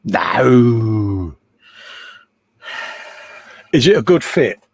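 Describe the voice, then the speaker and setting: A man's voice: mid-range voice, big pitch swings, very slow, gravelly, no echo. A man hosting a casual chat while building a model, teasing and bantering. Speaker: host.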